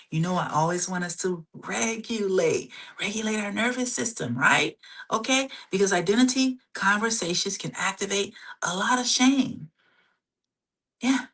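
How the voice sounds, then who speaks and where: A middle-aged woman therapist hosting a live stream, repeating phrases, checking in often with "okay?", and slowing down softly to guide breathing exercises. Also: mid-range voice. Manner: repeats phrases, frequent "okay?" and "you guys" check-ins; slows and softens for relaxation exercises.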